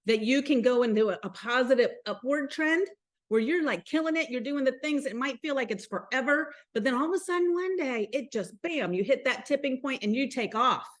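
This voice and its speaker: A woman's voice: high voice, animated, a little fast. Chatty, upbeat Southern woman. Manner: chatty, upbeat, talks straight to viewers. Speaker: host. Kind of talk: live-streamed motivational talk.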